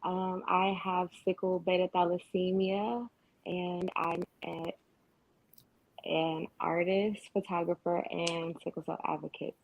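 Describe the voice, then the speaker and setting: A woman in her thirties from Los Angeles introducing herself quietly on a video call. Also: on the low side, little pitch movement, takes it slowly, rough recording. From Los Angeles, USA. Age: 30s.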